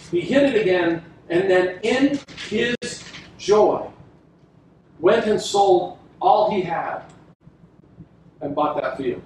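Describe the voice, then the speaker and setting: A man preaching a sermon with emphatic, drawn-out phrases and dramatic pauses, acting out quoted lines. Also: high-pitched. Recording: echoey room from a distance with faint noise.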